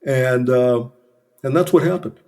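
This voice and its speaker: A middle-aged man speaks as a guest in a relaxed interview. His voice is mellow and warm, with an ordinary middle pitch. He tells stories about his own past mistakes in an earnest, self-critical way. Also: a little slow, creaky. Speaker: business consultant, podcast guest. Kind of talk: candid conversational storytelling.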